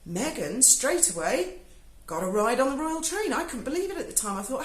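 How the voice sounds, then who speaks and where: A woman's voice: high voice, big pitch swings, a little fast, reverberant, rough recording. A British woman, giving a sarcastic, sweary video review monologue. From Britain. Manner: sarcastic, swears freely, mocking asides. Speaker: YouTuber. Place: home in Spain.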